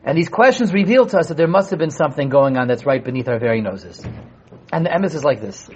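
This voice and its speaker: A man teaching a Torah class to a live group, animated, asking rhetorical questions and acting out voices. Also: fairly high pitch, fast talker, slight background noise. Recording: dull lo-fi room recording.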